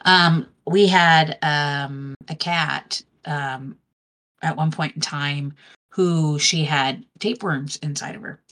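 A woman's voice: sits low, fairly even intonation, slow pace, fairly bright tone. A woman in casual conversation, telling a rambling story and acting out the dialogue of the people in it. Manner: rambling storyteller who acts out quoted dialogue.

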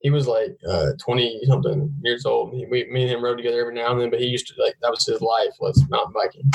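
A young man chats casually, spinning rambling, profane stories. His voice sits at a middling pitch for a man. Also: little pitch movement, fast, creaky, low-quality recording. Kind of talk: casual chat.

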